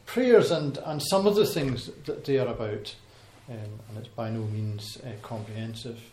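A man giving an informal Bible talk to a congregation, pausing often with ums and restarting his sentences. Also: medium pitch, darkish tone. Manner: hesitant, many ums and restarts. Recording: echoey hall with faint noise.

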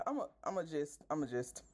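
A woman's voice: low voice, darkish tone. A woman hosting a podcast, ranting casually and profanely with exasperated bursts of laughter. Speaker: podcast host.

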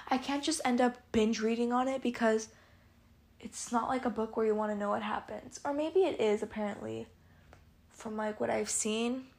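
A woman's voice: fairly high pitch, a little mellow. A teenage girl hosting her own podcast, rambling candidly in casual chat with lots of filler words. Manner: candid, confiding. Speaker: podcast host.

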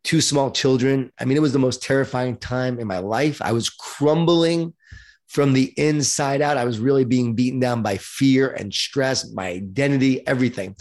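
A mid-range voice belongs to a middle-aged Long Islander who, as a guest author in an interview, narrates his own life. His humor is lively and self-deprecating.

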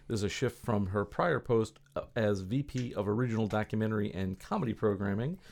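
A man's voice: on the low side, brisk, gravelly, darkish tone. A man hosting a studio podcast, reading news items in a casual, upbeat, joking way. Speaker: podcast host. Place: recording studio.

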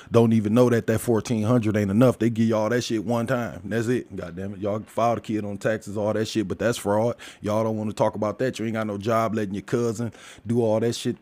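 This man's voice sits on the low side, captured dry and close. He's a commentator ranting casually and profanely, loud and crude, breaking into laughter often.

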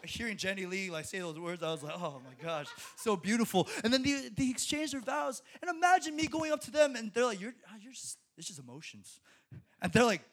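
Young male preacher, high voice, animated, laughs often and stumbles into restarts. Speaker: speaker at a college ministry. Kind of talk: sermon.

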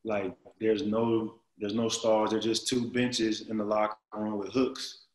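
A man in his thirties telling a story in casual chat, animated and full of slang and fillers. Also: lowish voice, unhurried. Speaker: guest. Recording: roomy echo.

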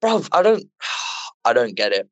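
A man co-hosting a casual film podcast with friends, ranting in slang in an animated way. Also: medium pitch, a little slow, dry recording, lo-fi sound. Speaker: podcast co-host.

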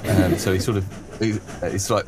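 A man narrating as game master in a tabletop game, halting and full of restarts. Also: sits low, fairly even intonation. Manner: halting, lots of fillers and restarts.

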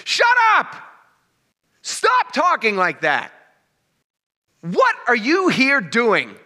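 Preacher guy doing shrill angry priests yelling, really high and sharp. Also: sing-song, unhurried, exaggerated voice. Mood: indignant. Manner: shrill, shouting. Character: indignant male religious leaders, scolding.

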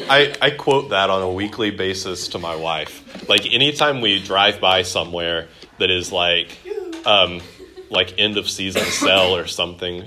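A man leads a Bible class in a classroom, chatting with his students and joking between points. His voice is bright and forceful, pitched a little low, and he leans on fillers and quick restarts. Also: slight background noise. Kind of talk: classroom teaching with joking asides.

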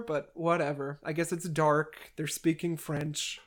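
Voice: medium pitch, measured pace, hardly any pauses. Podcast host, casual book recap, wry and sarcastic, mid-range voice. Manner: wry, with sarcastic asides to the characters.

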